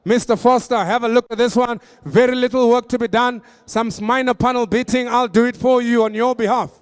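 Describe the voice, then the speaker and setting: A man working as an auctioneer, pitching vehicles with jokey patter and then rattling off bids in a rapid-fire auction chant. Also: steady tone, clean tone. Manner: joking, high-energy patter with rapid-fire bidding calls.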